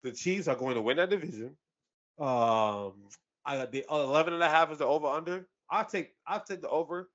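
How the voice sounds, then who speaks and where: A man co-hosting a casual sports podcast, loud and animated, full of slang and quick laughs. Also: a little high, muffled recording. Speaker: podcast co-host.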